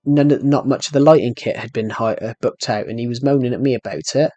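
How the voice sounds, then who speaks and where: A man's voice: medium pitch, quick pace, warm tone, no room sound, dull audio. A young man live streaming a game, telling a rambling, aggrieved story that keeps repeating and restarting phrases. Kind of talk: casual live stream chat while gaming.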